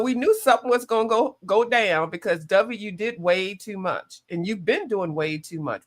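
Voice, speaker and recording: A woman co-hosting a livestream, blunt and gossipy, cursing freely. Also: fairly low pitch. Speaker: co-host. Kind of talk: casual livestream commentary.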